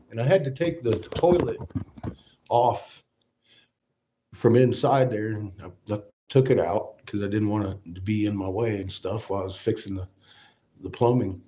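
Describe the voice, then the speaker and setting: A man livestreams from his glassblowing workshop, chatting casually at medium pitch and a moderate pace with long pauses. He laughs a lot, swears freely, and rambles through his stories over a noisy background.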